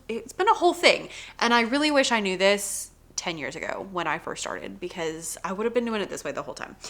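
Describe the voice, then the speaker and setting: A woman, chatting casually as an elementary music teacher and acting out her classroom exchanges. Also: medium pitch. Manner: chatty, animated, acts out classroom exchanges in a sing-song voice.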